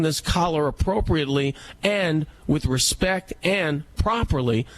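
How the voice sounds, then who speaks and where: Animated man telling a story. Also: a little high, a little slow, hardly any pauses. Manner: animated storyteller who acts out dialogue. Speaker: co-host. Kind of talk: casual storytelling chat.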